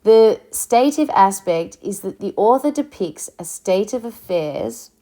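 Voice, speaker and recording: A woman teaching a recorded lesson, explaining slowly, with fillers and restarts. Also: mid-range voice, lively intonation, warm tone. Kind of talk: recorded lecture.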